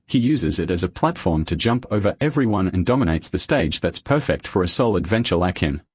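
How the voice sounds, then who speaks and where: Husky low-voiced man narrating a recap. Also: no echo. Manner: steady storytelling recap delivery. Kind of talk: scripted narration.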